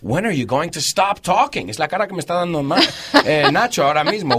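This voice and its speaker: A man hosting a radio talk show in a studio, jokey and animated, acting out everyday phrases as he explains them. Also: a little high, quick pace, hardly any pauses, noisy background.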